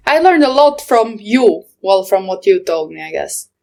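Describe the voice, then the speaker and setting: Brief: woman, podcast co-host, casual teasing chat, easy laughs, average pitch. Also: sing-song, normal speed, gravelly, a little mellow. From Albania. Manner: laughs often, teasing, rambling with fillers. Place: lives in England, near Leicester.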